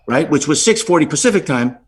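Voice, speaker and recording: A middle-aged man, a podcast guest, telling a story with lively swings in pitch and frequent "right?" asides. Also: fast, slightly rough.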